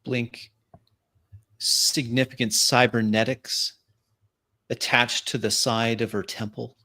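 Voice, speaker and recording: Male game master narrating a tabletop game, unhurried and halting, bright voice. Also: medium pitch, flat delivery. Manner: halting descriptive narration with fillers. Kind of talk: narrating a tabletop role-play.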